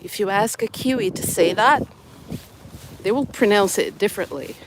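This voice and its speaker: A woman vlogging outside on her phone, talking in a chatty, playful way and explaining with examples. Her voice sits at a medium pitch. Traffic and wind come through clearly behind her. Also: normal speed. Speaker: vlogger and English educator. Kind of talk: casual vlog talk to camera. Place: outdoors in the snow, on a street with traffic. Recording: outdoor phone recording with clear street noise. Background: passing vehicles and wind.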